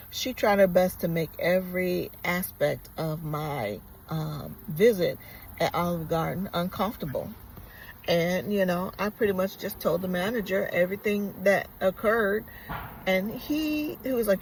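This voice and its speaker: A woman's voice: on the low side, moderate pace, a little hiss or hum, poor audio. A woman vlogger telling a personal story in a casual, earnest and reflective way, rambling with many fillers.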